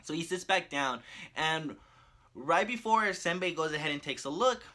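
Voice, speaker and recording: A man casually recapping a cartoon story as a video creator, animated and laughing often. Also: on the high side, normal speed.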